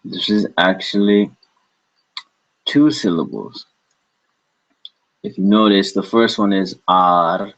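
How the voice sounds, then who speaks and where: A man's voice: low-pitched, expressive, slow pace, pauses often, a bit bright. A man teaching a language lesson, patiently repeating each syllable several times. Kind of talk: slow spoken language lesson. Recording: dull lo-fi recording.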